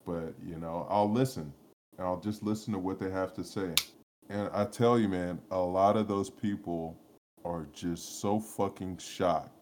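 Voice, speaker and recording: A man's voice: low-pitched, steady tone, unhurried, background noise. A man, co-hosting a podcast, telling a rambling story full of cursing and laughter. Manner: rambling, profane, laughs often, lots of restarts. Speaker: podcast co-host. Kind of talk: casual chat, storytelling.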